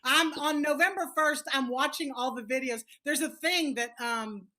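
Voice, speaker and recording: A woman's voice: high voice, normal speed. A woman comedian with a Louisiana accent telling brash, profane stories in casual chat over a video call. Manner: brash, profane, animated storytelling. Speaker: guest comedian.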